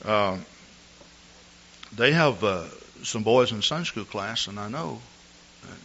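Male pastor, lively sermon delivery on a dull lo-fi church recording. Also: lowish voice, takes it slowly, slight background noise. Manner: animated storytelling preacher, clears throat often. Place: church service.

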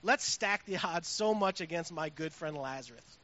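A male pastor preaches in a relaxed, conversational way that swells into strong emphasis. His voice is bright and fairly high. The recording sounds dull, with a faint hiss behind it. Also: moderate pace. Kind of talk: sermon.

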